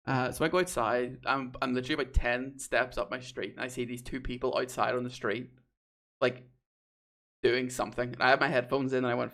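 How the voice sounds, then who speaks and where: Young co-host with a mild Northern Irish accent, rambling storyteller, mid pitch. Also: male voice, level tone, a little fast, a bit bright. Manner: rambling storyteller, quotes others, laughs often. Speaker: podcast co-host. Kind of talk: casual chat.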